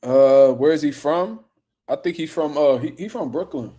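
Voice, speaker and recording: A man's voice: on the high side, moderate pace, mellow, breathy edge. A man hosting a boxing news show, talking casually in a loose, profane, rambling way while reading viewer comments.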